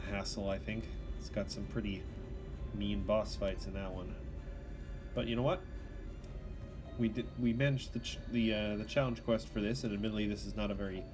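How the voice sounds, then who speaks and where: A male streamer chats casually over his live gameplay, stumbling and correcting himself as he goes. His voice sits a little low, and his relaxed, rambling delivery feels unscripted. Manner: casual, chatty, with fillers and self-corrections.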